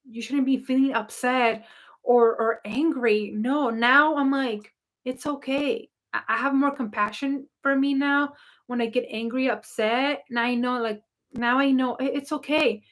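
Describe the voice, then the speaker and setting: A woman's voice: on the high side, fairly bright tone. A woman who works as a spiritual coach, talking casually and rambling with many fillers and restarts as she answers viewer questions. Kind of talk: casual talk to camera.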